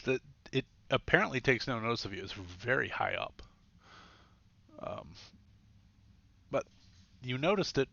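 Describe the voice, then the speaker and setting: A man narrating a tabletop game as game master, rambling and correcting himself as he goes, with a quick laugh. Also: medium pitch, big pitch swings, creaky, sharp tone, no room sound, dull audio.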